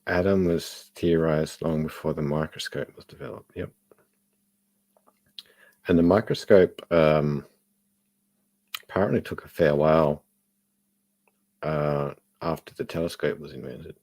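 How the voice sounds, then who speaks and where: A man's voice: very deep voice, steady tone, a little slow, long pauses, a little mellow. A man in casual chat, thoughtful and meandering, reading out viewer chat. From Australia. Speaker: podcast co-host.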